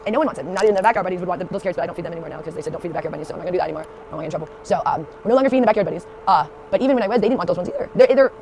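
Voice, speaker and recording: A woman's voice: lowish voice, very fast, hardly any pauses, darkish tone, a little hiss or hum. A woman vlogger chatting casually to camera, rambling with lots of fillers. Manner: rambling, full of fillers and restarts.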